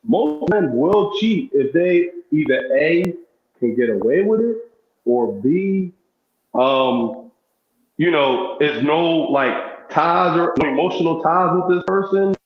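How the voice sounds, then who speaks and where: A man's voice: a little high, lively intonation, a little slow. A man who is a guest on a talk show, speaking in a frank, laid-back, repetitive way. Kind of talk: casual chat. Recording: echoey, muffled room sound.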